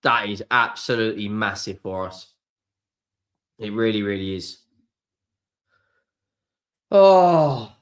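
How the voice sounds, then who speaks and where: A young man hosting a live football watchalong, excitable and sweary, swinging between shouts and mutters. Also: on the low side, slow pace, long pauses. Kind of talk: live match watchalong reaction.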